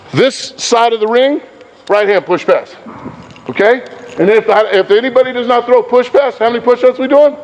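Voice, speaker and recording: A very high male voice comes from a coach leading a basketball clinic indoors, shouting brief, repeated commands during drills and walking fellow coaches through key points. The recording is muffled, with slight background noise.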